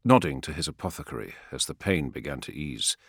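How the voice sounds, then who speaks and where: A man reading a sci-fi war story aloud as an audiobook narrator, in a dramatic, measured way. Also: very deep voice, animated, gravelly, a bit bright, no room sound, studio quality. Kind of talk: scripted fiction narration.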